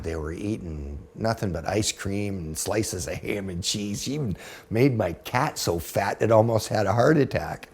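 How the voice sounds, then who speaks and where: Gravelly, husky man in his fifties. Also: lowish voice. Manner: blunt, profane, animated storyteller. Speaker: podcast guest. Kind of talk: storytelling in casual conversation.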